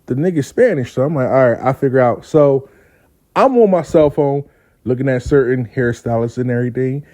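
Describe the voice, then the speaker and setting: A man hosting his own show, telling a story in a casual, profane, animated way and acting out the people he quotes. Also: medium pitch, brisk. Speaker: host.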